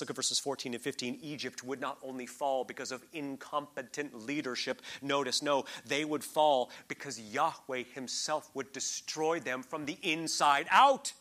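A man preaching an expository sermon, swinging between hushed asides and loud, mocking emphasis. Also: mid-range voice.

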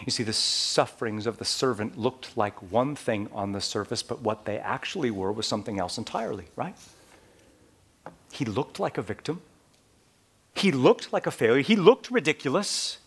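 A man preaching a sermon, swinging between quiet, measured passages and loud, emphatic ones. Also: mid-range voice. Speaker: pastor.

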